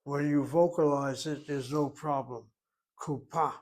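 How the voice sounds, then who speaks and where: Male language teacher, unhurried, reasons through grammar points aloud. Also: mid-range voice, fairly even intonation. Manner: thinks aloud, deliberate, explains step by step. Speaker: Hebrew teacher. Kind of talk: classroom grammar lecture.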